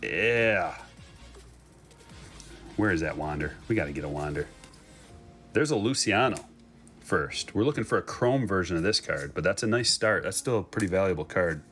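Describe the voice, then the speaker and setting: Excited, joking male card-break host with a very deep voice; faint music behind. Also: normal speed, long pauses. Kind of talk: casual live commentary while opening packs.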